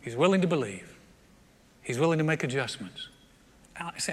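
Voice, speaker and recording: A man preaching a sermon, telling a story with lively, humorous asides to his congregation. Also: medium pitch, brisk, pauses often, slightly rough. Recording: long reverb of a big hall.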